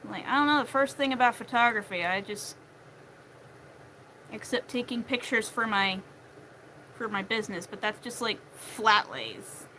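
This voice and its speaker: A young woman chatting casually while she crochets at home, acting out what her family says in animated voices. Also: a little high, moderate pace, pauses often, slight background noise, rough recording. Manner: chatty, acts out quotes of family in shifting voices. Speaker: crochet vlogger.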